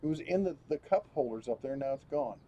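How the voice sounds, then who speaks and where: A man's voice: medium pitch, lively intonation, a little fast, dull audio, slight background noise. A man hosting a casual live stream, rambling as he reads viewer comments aloud and chats. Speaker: host.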